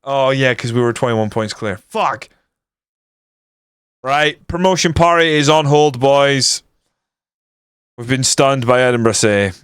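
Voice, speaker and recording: A man's voice: mid-range voice, a little slow, pauses often, fairly bright tone, clean tone, no room sound, studio quality. A young man streaming a football management game, grumbling and swearing casually as he comments on his matches. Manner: frustrated, grumbling, swears often.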